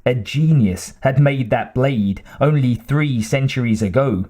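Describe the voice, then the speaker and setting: A man narrating an audiobook in a measured, dramatic way with deliberate pauses. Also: medium pitch, mellow.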